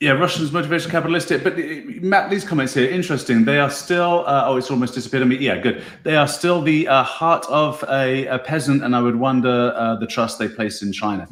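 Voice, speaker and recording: An easygoing man hosts a casual online talk show, thinking aloud over viewer comments and chuckling often. His voice sits at a middle pitch and carries a noticeable room echo. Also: brisk, few pauses, fairly bright tone. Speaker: podcast host.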